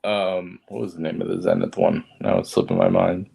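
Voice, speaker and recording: A man's voice: sits low, sing-song, brisk, gravelly, dark tone, slightly rough. A man chatting casually on a livestream, hesitant, with many fillers and restarts. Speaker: guest on a watch livestream.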